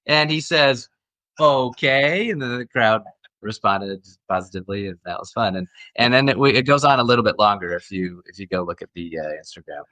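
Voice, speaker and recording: A man's voice: fairly low pitch, quick pace, sharp tone, no echo. A middle-aged man, an actor guest, telling stories in a friendly, casual interview chat with frequent restarts.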